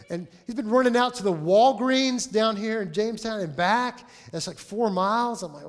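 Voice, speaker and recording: A man in his forties preaching a sermon as pastor, telling a story with lively acted-out dialogue. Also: sits high, moderate pace. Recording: long reverb of a large hall.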